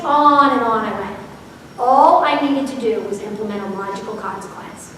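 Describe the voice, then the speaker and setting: A woman's voice: fairly high pitch, brisk, a bit bright. A woman giving a parenting seminar, telling stories in a chatty way and asking the audience questions. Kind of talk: conversational seminar talk. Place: large echoey hall. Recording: echoey hall recorded from far off, faint hiss.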